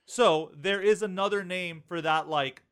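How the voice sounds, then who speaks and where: High-voiced man explaining in casual podcast chat. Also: measured pace, a bit bright, clean tone. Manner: explains at length, Spanish speaker. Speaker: podcast co-host.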